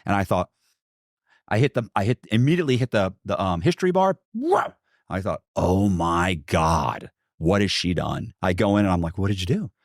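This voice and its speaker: A man's voice: sits low, expressive, normal speed, no room sound, studio quality. A middle-aged American man, a podcast guest, telling a long story in a rambling way with many restarts and asides. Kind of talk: casual storytelling.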